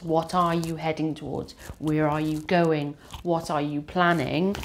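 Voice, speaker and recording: A woman's voice: deep voice, slight background noise. A woman doing a tarot card reading, talking in an earnest, emotional way and repeating her phrases. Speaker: tarot reader.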